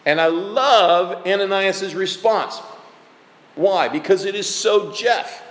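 A man preaching a sermon as pastor, conversational, animated and emphatic. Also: sits high, takes it slowly. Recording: echoey hall.

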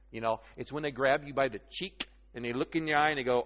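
A man preaching a sermon, conversational and animated, asking his listeners questions. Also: medium pitch, fast talker, hardly any pauses. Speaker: pastor. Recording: long hall reverb.

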